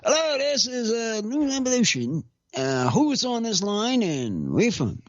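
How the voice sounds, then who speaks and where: A man hosting a casual live show, tossing in short excited remarks. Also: high-pitched, measured pace, dry recording. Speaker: host. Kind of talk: casual chat. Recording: dull lo-fi sound.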